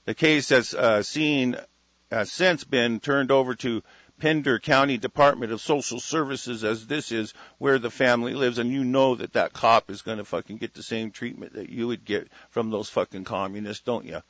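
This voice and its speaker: A man hosting a solo talk radio show, ranting with heavy profanity, dropping from muttered asides to loud declarations. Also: medium pitch, fairly even intonation, normal speed, no echo. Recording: lo-fi radio broadcast sound.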